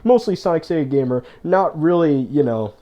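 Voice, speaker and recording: A man's voice: fairly high pitch, animated, normal speed, dull audio. A man ranting in a video, exasperated and profane as he complains about other creators. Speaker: YouTuber. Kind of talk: rant video.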